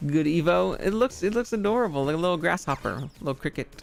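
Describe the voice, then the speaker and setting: A male streamer chatting over a video game in a loose, rambling, goofy way. His voice sits a touch high with a gravelly rasp, and faint game music plays underneath. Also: expressive, fast. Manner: rambling and goofy, with frequent fillers and laughs. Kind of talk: casual game-stream commentary.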